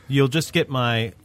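A man's voice: medium pitch, gravelly, pushed and bright, a little hiss or hum. A man appearing as a podcast guest, making wry, joking asides in casual chat.

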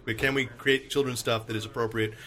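A man's voice: mid-range voice, little pitch movement, a little fast, pushed and bright. A man hosting a casual group podcast, chatty, often laughing and trailing off with fillers. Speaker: podcast host and comic editor.

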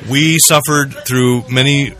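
A man's voice: mid-range voice, fairly even intonation, slow pace, sharp tone. A man co-hosting a podcast, joking through casual chat about movie news. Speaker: podcast co-host.

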